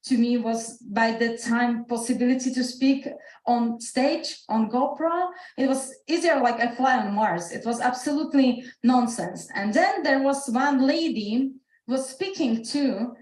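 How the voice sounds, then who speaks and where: A woman's voice: fairly high pitch, unhurried, darkish tone, echoey room, rough recording. A woman with a Slovak accent telling an earnest personal story on a video call, her English full of restarts. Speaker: speaker. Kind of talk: motivational talk on a video call.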